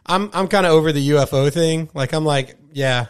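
Podcast co-host, young male, slightly high voice, excitable casual banter, big pitch jumps. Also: fairly quick, smooth. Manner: excitable, says dude a lot, big pitch jumps when joking.

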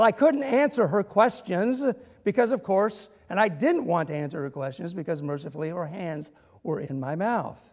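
A man's voice: a little high, darkish tone, long reverb tail. A male minister preaching a sermon, telling humorous stories and building to emphatic points. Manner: storytelling with humor and dramatic emphasis.

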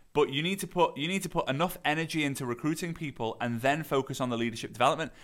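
A man's voice: a little high, a bit bright. A man hosting a podcast, coaching on network marketing in a loose, conversational monologue full of fillers and restarts.

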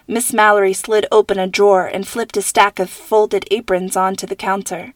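A woman hosting and narrating her own fiction, calm and measured. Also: mid-range voice, dry recording, studio quality. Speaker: podcast host and author. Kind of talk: scripted storybook narration.

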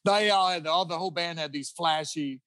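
A man's voice: a little high, brisk, fairly bright tone, no echo. A middle-aged man telling rambling anecdotes in a casual interview, full of restarts and chuckles. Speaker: guest guitarist.

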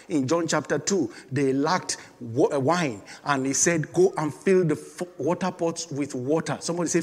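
Male pastor, emphatic sermon delivery with call-and-response, slightly high voice, long hall reverb. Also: breathy edge. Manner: emphatic preaching with repeated calls and congregation prompts.

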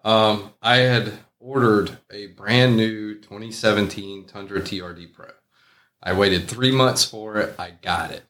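A man's voice: lowish voice, unhurried. Man telling a road story with gusto. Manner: animated, acts out the people in his story. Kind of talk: casual storytelling chat.

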